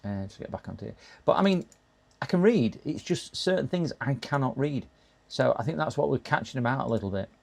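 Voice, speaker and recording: A man in middle age talks to his live chat as he fixes a computer, his voice mid-pitched with a gravelly, creaky edge. He rambles easily and stumbles into restarts, breaking off now and then to laugh. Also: expressive, fairly quick, darkish tone. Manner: chatty, talks to chat while working, frequent restarts and laughs. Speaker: live-stream repair streamer. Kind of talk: casual live-stream chat.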